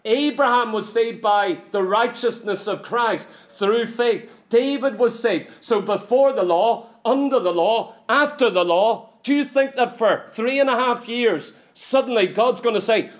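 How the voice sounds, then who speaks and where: High-voiced man preaching emphatically. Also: measured pace, hardly any pauses. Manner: emphatic, rhetorical questions to the congregation. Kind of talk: sermon. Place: church.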